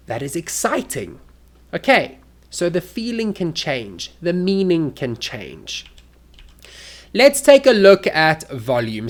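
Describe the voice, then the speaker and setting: A man's voice: on the high side, big pitch swings, takes it slowly. A man teaching an English lesson, demonstrating intonation with exaggerated examples.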